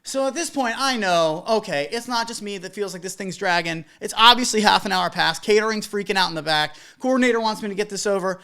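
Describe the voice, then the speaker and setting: A man who works as a wedding DJ, telling a story as advice to other DJs in an animated, emphatic way with casual swearing. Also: high voice, fairly quick, hardly any pauses, smooth.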